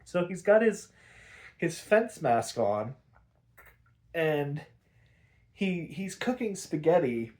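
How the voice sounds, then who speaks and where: A man's voice: a little high, very animated, takes it slowly, long pauses, a little mellow. A man hosting a podcast, recapping an episode in a rambling, profane, casual way, full of "like".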